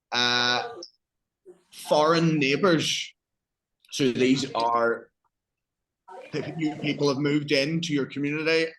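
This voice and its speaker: Slow, patient English man teaching. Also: on the high side, a bit bright, low-quality recording. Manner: slow, patient, simple explanations. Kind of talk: teaching a language lesson.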